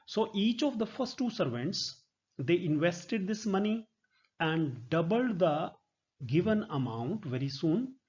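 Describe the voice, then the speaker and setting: A man's voice: high voice, animated, slow, darkish tone, slightly rough. A man giving a literature lecture, explaining patiently with many hesitant fillers. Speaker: literature professor. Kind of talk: recorded lecture. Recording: dull lo-fi recording.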